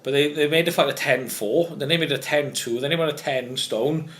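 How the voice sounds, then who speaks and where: A man's voice: fairly high pitch, a little fast, fairly bright tone. A man, a former boxer, chatting casually on a podcast, rambling and swearing with frequent restarts. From Wales. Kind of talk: casual chat.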